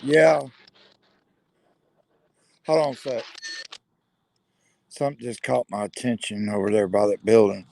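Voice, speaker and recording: A man investigating the paranormal at night outdoors, calling out questions to unseen spirits in a hushed, probing way. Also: fairly low pitch, a little slow, gravelly, pauses often. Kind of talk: ghost-hunting vlog narration. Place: outdoors at night near a building.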